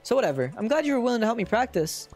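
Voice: mid-range voice, sing-song, rapid-fire, darkish tone, faint music behind, voice pushed up, natural voice. A streamer reading aloud the lines of an eager young animal racer from a cozy game, in a chatty, upbeat way.

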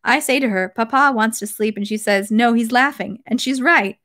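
A timid young countess with a soft, apologetic way of speaking, as a woman reads her part aloud from a novel. The voice sits a little high and keeps a gentle, anxious lilt. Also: normal speed, lightly acted. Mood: fond.

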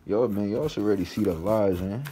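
A man's voice: fairly low pitch, a little fast, background noise. A young man vlogging an unboxing, ranting in slangy, profane casual talk while he is sick.

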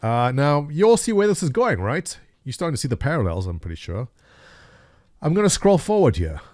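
A man's voice: fairly high pitch, very animated, a little fast, a little mellow, no room sound, clean studio sound. A man in his forties, a former day trader, casually telling stories to his viewers and asking them rhetorical questions while he walks through a chart. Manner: laughs at his own stories. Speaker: streamer and market commentator. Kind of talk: casual storytelling over a chart.

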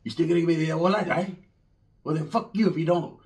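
A man voicing a loud, hostile older male gang cousin who shouts slangy threats. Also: on the high side, quick pace, far from the mic, pitched below the performer's own voice, lightly acted.

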